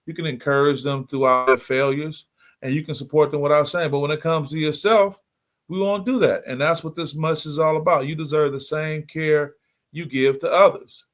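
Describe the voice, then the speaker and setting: A man's voice: a little high, steady tone, normal speed. A middle-aged man hosting a motivational livestream, speaking earnestly and repeating key points for emphasis. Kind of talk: motivational talk.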